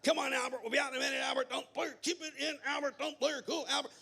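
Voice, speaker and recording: A man voicing a harried father who keeps coaxing himself to stay calm. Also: extremely high pitch, rapid-fire, gravelly, voice pushed up, exaggerated voice. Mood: strained. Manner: strained self-coaxing, repeating a name. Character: harried father at his wits' end.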